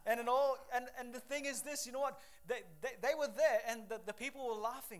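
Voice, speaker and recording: A man preaching a sermon with a fairly high voice. He is from Papua New Guinea and moves between steady scripture reading and animated storytelling, swinging from loud bursts to quiet asides. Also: fairly quick. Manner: animated storytelling with shifting loudness, acts out voices.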